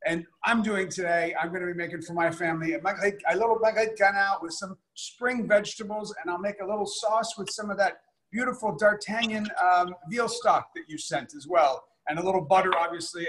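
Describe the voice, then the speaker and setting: High, upbeat man chef. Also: fairly bright tone. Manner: upbeat, effusive. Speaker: chef, guest. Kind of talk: casual video-call talk. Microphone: video call.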